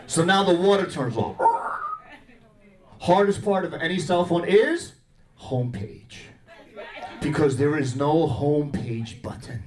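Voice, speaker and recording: Male stand-up comic, high and lively, acts out a domestic quarrel, echoey room. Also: unhurried, pauses often, very noisy. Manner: animated storytelling, acting out both sides of a quarrel. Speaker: stand-up comedian. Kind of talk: stand-up comedy set. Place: comedy club stage with audience laughter.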